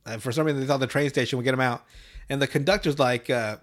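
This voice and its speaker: A podcast host with a medium-pitched voice talks fast as he recaps a cartoon episode. His style is casual and rambling, full of profanity and laughter.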